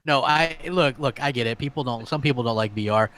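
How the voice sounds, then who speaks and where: A man's voice: mid-range voice, a little fast, fairly bright tone, no echo. A man hosting a casual gaming podcast, speaking hesitantly and restarting his phrases. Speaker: podcast host.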